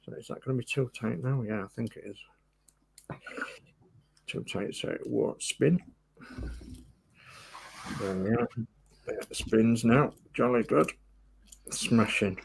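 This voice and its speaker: Male host, gravelly, unhurried, chats and mutters through a model build. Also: medium pitch. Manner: chatty, muttering to himself as he works. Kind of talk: casual chat while building.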